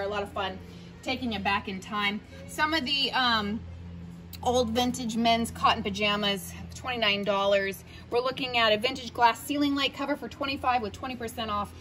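A woman's voice: on the high side, fairly bright tone. A woman casually walking through an antique shop, listing prices in a chatty, playful way with jokey asides. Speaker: shop host touring sale items. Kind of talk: casual product walkthrough.

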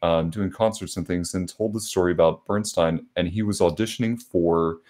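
A man from South Carolina hosting a podcast, chatting casually and telling stories at an unhurried pace with many filler pauses. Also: low voice, fairly even intonation, darkish tone. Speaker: podcast host. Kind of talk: casual conversation.

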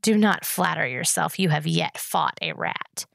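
Menacing sarcastic rat, male, gravelly edge, read by a woman. Mocking, theatrical. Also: low voice, lively intonation, unhurried, fairly bright tone, dry recording, clean studio sound, full character voice.

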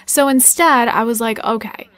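A young woman giving casual, excitable gameplay commentary, talking fast and chatty as she plays. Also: on the high side. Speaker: gaming YouTuber.

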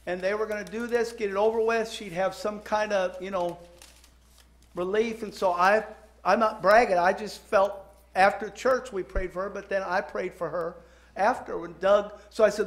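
A man's voice: high voice, steady tone, normal speed. A man who is a pastor, chatting and joking with his congregation, then praying earnestly. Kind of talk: sermon announcements and prayer. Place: church sanctuary.

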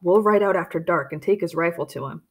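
A woman's voice: fairly low pitch, fast talker, husky. A woman reading the lines of a loyal young male pioneer helper, earnest and reassuring.

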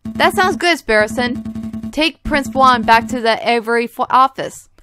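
A woman's voice: fairly high pitch, lively intonation, unhurried, over music. A woman reading a terse, dry veteran male falcon lawyer from a game. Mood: calm.

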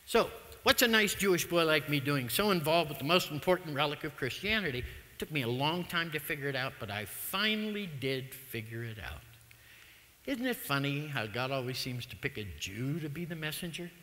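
A man, telling stories through a public talk in a humorous, animated manner. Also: on the high side, brisk. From United States. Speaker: lecturer. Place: lecture hall. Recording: long reverb of a lecture hall.

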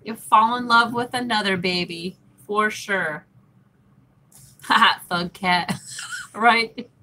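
A woman with a medium-pitched, sharp voice hosts a casual livestream at a slow pace, reading out what viewers type and laughing frequently.

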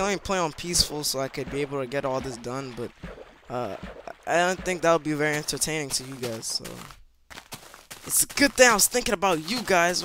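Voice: medium pitch, slight background noise. A gameplay commentator talking to viewers, reacting with panicky exclamations and repeating himself. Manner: excitable, panicky reactions, yelling at monsters; talks to viewers, repeats phrases. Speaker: gameplay video maker.

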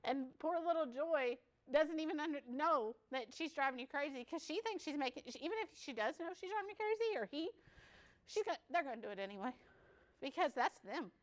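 A woman's voice: sits high, expressive, brisk. A woman giving a peer support workshop at a conference, chatty and joking, laughing often. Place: conference session room.

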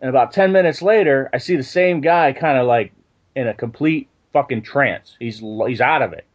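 A man's voice: medium pitch, moderate pace, slightly rough. A young man telling a rambling, profane workplace story in casual chat. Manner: rambling and profane, animated when telling stories. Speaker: podcast co-host. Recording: dull lo-fi sound.

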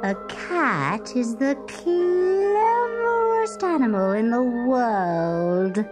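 A woman's voice: on the high side, very animated, takes it slowly, music in the background. A woman voicing a sleek, sly female cat that boasts and menaces. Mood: boastful.

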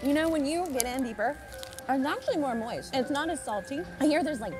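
A woman's voice: sits high, expressive, fairly quick, music in the background, rough recording. Chatty woman talking with mouth full. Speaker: vlogger taste-testing food. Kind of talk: casual vlog chat. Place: outdoors at a theme park.

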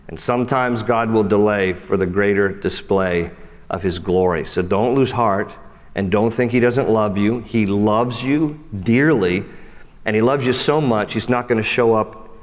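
Animated male preacher in a reverberant hall. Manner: animated preaching, swinging between emphatic highs and soft low lines; conversational, with frequent "you know" asides. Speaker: pastor. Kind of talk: sermon. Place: church sanctuary.

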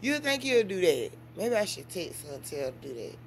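A mother chatting casually to her vlog audience, telling stories with big swings in pitch and loudness. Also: a little fast, slight background noise. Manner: animated storytelling with big swings in pitch and volume. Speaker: mother and vlogger.

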